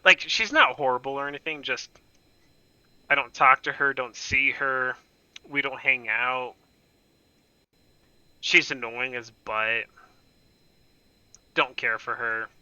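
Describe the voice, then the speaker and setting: A man's voice: mid-range voice, slow, long pauses, bright, forceful tone, clean tone, no echo, lo-fi sound. A young man casually telling a rambling, profane, self-mocking story on his gaming channel.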